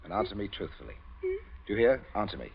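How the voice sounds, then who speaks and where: A man's voice: fairly low pitch, huge pitch swings, fast, creaky, slightly rough, lo-fi sound, exaggerated voice. An actor playing a stern, domineering father and village magistrate who interrogates his daughter in a commanding, cold manner, in an old radio drama.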